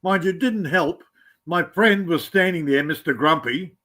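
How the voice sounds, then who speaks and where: Australian man, high-pitched, easygoing storyteller with a teasing edge. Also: moderate pace, bright, forceful tone. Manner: rambling, teasing anecdotes. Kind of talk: casual storytelling chat.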